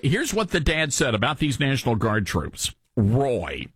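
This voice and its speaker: A man's voice: medium pitch, very animated, normal speed, husky, dry recording. A man hosting a talk radio show into a studio microphone, sarcastic, with mocking asides and put-on coughing fits.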